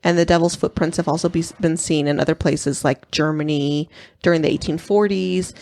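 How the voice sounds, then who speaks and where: A woman co-hosting a podcast in casual chat, telling a story in a giggly, animated way. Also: deep voice, fairly quick, dry recording. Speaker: podcast co-host.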